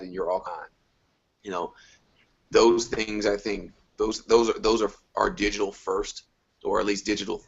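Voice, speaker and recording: Gravelly deep-voiced man on a call. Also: a bit bright. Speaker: podcast panelist. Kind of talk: casual chat. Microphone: video call. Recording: lo-fi online call audio.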